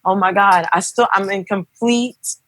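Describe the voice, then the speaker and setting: A young woman telling her birth story as a podcast guest, animated and acting out what people said. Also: medium pitch, unhurried, no echo, poor audio. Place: podcast studio.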